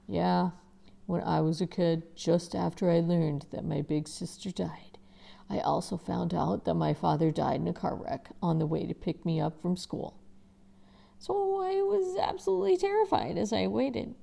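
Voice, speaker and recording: Expressive woman reading aloud, gravelly voice. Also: on the low side, a little slow. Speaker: teacher reading a novel aloud. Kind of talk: reading a novel aloud with asides.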